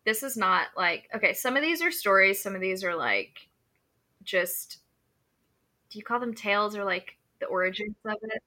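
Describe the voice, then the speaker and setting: A woman's voice: mid-range voice, lively intonation, moderate pace, pushed and bright. A woman co-hosting a podcast, chatting casually and reading folklore aloud, profane and prone to asides and laughter. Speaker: podcast co-host.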